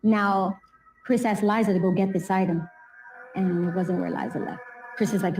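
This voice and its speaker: A woman's voice: mid-range voice, steady tone, moderate pace, a little mellow, faint music behind, low-quality recording. A woman interviewed for a documentary, earnestly retelling a family story and acting out the voices of the people involved. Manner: earnest, quotes people in raised voice. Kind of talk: emotional recounting.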